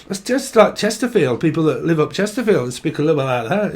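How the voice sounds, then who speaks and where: A man's voice: fairly high pitch, lively intonation, quick pace. A man doing a casual tarot reading vlog, joking around and swearing freely. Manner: crude, jokey, swears freely. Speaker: tarot reader.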